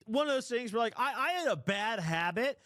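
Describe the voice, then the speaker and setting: A man in his twenties hosting a call-in stream, telling a crude story in a rambling, animated way. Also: very high voice, a little fast, dry recording, studio quality. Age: 20s. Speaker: call-in show host. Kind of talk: casual storytelling.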